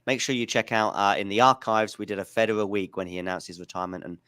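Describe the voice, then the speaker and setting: A man's voice: on the low side, fairly even intonation, fast, fairly bright tone, clean tone. A man hosting a live tennis watchalong, chatting casually and rambling into jokey anecdotes. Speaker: podcast host. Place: home in Lisbon.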